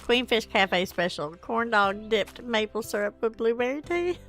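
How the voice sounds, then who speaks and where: A woman's voice: fairly high pitch, expressive, measured pace, fairly bright tone, soft background music. Tired chatty woman streamer. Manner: chatty, reads viewer comments aloud. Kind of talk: casual gameplay stream chat.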